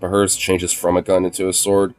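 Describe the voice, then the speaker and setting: A man streaming a game who chats casually, swears freely, laughs often and coos softly in baby talk to his dog. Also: deep voice, completely flat delivery, a little fast. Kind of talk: casual gaming stream chat.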